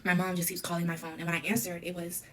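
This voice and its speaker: A young adult woman telling her own story candidly in an interview, talking in rapid runs full of "like" and quoted dialogue. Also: fairly low pitch, monotone, fairly bright tone, a little hiss or hum. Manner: rapid, filler-heavy retelling with quoted dialogue.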